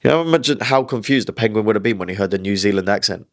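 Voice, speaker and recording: A man's voice: fairly low pitch, very fast. A man hosting a comedic news roundup, chatty and wry, laughing at his own jokes.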